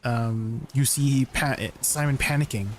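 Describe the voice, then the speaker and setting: A man streaming live, chatting casually to his viewers in a rambling, excitable way, full of restarts and filler words. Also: medium pitch, unhurried, a little hiss or hum.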